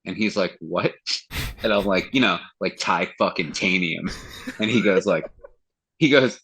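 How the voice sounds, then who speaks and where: Husky low-voiced man, casual chat. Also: moderate pace, a bit bright, rough recording. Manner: loose and profane, acts out quoted dialogue. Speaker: guest singer of a metal band.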